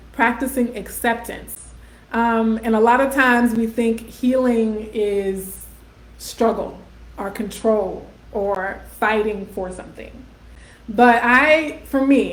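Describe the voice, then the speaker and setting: Talkative woman with a bright, roomy voice. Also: fairly high pitch. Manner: warm conversational, frequent "um", "right?" and "y'all", laughs often. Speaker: host of a live video series. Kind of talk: casual live-stream talk reading viewer comments. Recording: echoey room.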